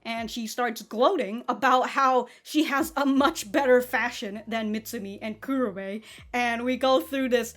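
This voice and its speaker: A woman's voice: on the high side, a little slow. A woman hosting an anime reaction video, talking casually with frequent laughs and stumbles. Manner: chatty, laughs often, stumbles and restarts. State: feeling hot.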